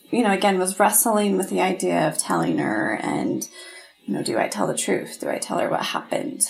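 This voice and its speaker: A woman's voice: mid-range voice, gravelly, rough recording. A middle-aged woman, a podcast guest, telling a painful personal story in an earnest, heartfelt way. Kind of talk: candid interview storytelling.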